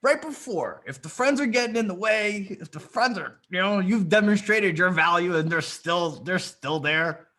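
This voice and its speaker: A man's voice: high voice, expressive, moderate pace, few pauses, sharp tone. A man coaching a group on a video call, talking bluntly and confidently with plenty of swearing. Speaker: dating coach. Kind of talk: live coaching session.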